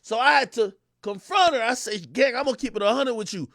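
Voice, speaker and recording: A young man telling a story on his livestream, excitable and loud, acting out the voices he quotes. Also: extremely high pitch, brisk, no room sound, clean studio sound. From Jamaica. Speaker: streamer.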